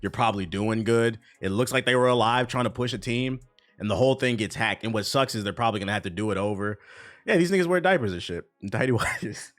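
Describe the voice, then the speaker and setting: A man with a lowish, fairly bright voice talks fast on a live stream, rambling profanely about gaming news and addressing his chat. A music beat plays in the background.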